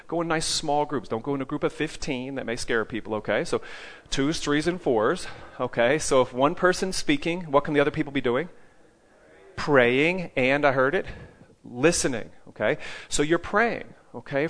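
A man's voice: mid-range voice, fairly bright tone. A man preaching to a live group in a mid-range voice. He checks in with his listeners after nearly every point, tacking on "okay?" and throwing questions back at them. He speaks as a teacher of evangelism.

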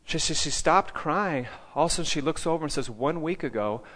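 A man's voice: fairly high pitch, quick pace, a bit bright. A man teaching a group about street evangelism in a preaching style. He quizzes his listeners and checks in with "okay?" after almost every point.

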